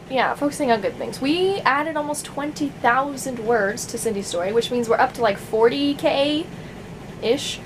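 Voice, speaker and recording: A woman's voice: fairly high pitch, a little hiss or hum, rough recording. A young adult woman vlogging in casual chat to camera, rambling with many fillers and frequent laughs.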